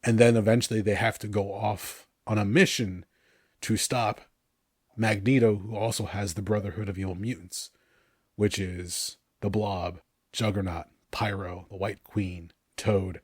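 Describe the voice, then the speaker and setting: A man with a fairly low voice talks casually on a podcast, telling lively stories and often laughing. The sound is dry and close, with no room echo. He is in his thirties. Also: moderate pace. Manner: animated storytelling, laughs often. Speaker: podcast co-host.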